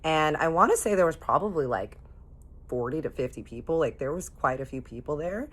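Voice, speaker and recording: Very low-voiced chatty woman storyteller. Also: fairly quick, husky. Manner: chatty, animated retelling with quoted voices. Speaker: storytime vlogger. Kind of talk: casual storytelling.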